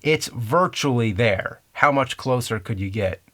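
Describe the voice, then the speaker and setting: A man's voice: medium pitch, lively intonation, a little slow, bright, forceful tone. A man in his thirties hosting a scripted commentary on movie trivia, explaining in a conversational, dryly amused way. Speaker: host.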